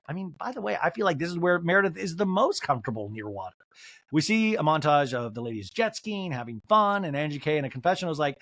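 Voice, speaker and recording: A male podcast host who recaps television in a joking, animated way and slips into voices for the quotes. His voice sits fairly high for a man and swings widely in pitch. The recording is dry and close, with no room sound. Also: quick pace, no room sound. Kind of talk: comedic TV recap.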